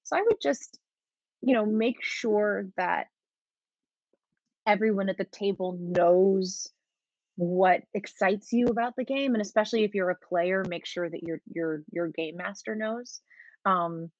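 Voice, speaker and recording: A woman's voice: medium pitch, measured pace, no room sound. Chatty woman game master on a dull mic. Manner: chatty, laughs often, restarts and trails off. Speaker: game master discussing her campaign. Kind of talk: casual talk-show chat.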